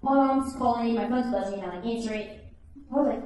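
A woman's voice: on the high side, fast, a little mellow, slight background noise. A woman in her twenties telling a personal story live, chatty and full of "like". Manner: chatty, peppered with "like". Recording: echoey room heard from a distance.

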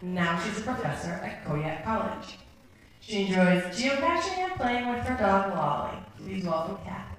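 A woman hosting a storytelling event, introducing the next speaker in a measured way. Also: medium pitch, big pitch swings. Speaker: event host. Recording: echoey hall from far off.

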